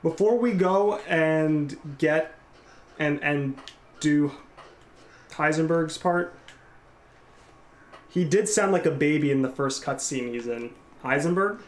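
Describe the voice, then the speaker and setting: Speaking at a slow pace with long pauses, a man with a fairly high voice streams gameplay in a reverberant space. His live commentary rambles casually as he reads his viewers' chat and answers them.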